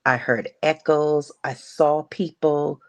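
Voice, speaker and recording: Slow, gravelly-voiced grieving mother. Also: deep voice, steady tone. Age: middle-aged. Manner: slow, halting, emotional retelling. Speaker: guest sharing her story. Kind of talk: personal testimony on a grief podcast.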